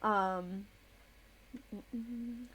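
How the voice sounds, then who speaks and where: A woman's voice: mid-range voice, steady tone, drawn-out words, a bit bright, a little hiss or hum. A woman streamer in casual live-stream chat, chatty and a little distracted as she reads chat aloud and types. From United States.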